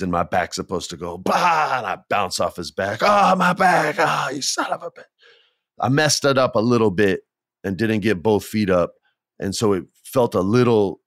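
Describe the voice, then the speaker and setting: A man telling a casual anecdote as a guest, animated, acting out what people said and laughing often. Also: deep voice, no echo, studio quality.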